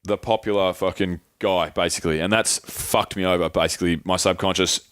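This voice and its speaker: A man's voice: deep voice, steady tone, brisk, fairly bright tone, clean tone, no echo. A young man co-hosting a podcast, telling a personal story in casual chat, swearing freely and acting out his friends' voices. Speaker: podcast co-host.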